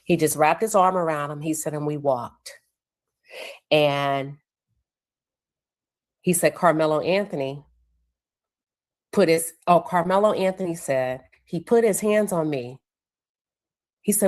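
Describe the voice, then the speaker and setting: A woman hosting a livestream show, recounting court testimony in a casual, conversational way and pausing to check her notes. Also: sits low, a little mellow.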